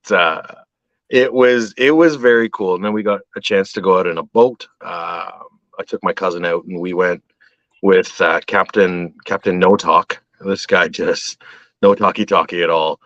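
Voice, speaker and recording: Low-voiced man telling fishing stories. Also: normal speed, no echo. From Canada. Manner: animated storyteller, acts out voices. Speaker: guest. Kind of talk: casual chat. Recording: dull dry call audio.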